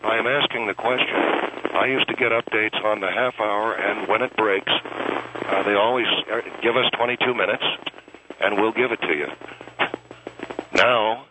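Brief: man doing a belligerent caller, lowish voice, muffled hissy phone line. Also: steady tone, measured pace, natural voice. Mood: insistent. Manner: insistent, hesitant with many fillers. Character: pushy, belligerent male radio caller. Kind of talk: comedy radio sketch.

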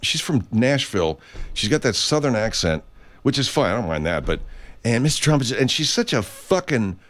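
A man's voice: on the low side, fairly bright tone. A man hosting a radio show in casual chat, rambling, restarting sentences and swearing freely. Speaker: host.

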